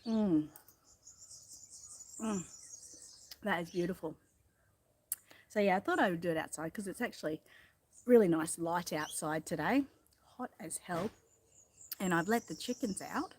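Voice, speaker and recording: An Australian woman with a slightly low voice hosts a casual live stream from a backyard, talking into a phone propped up a little way off. She keeps it chatty and relaxed, greeting viewers by name and throwing in the odd mild swear word. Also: measured pace, long pauses. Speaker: livestream host. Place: outdoors in a backyard. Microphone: phone propped on a ladder a little way off.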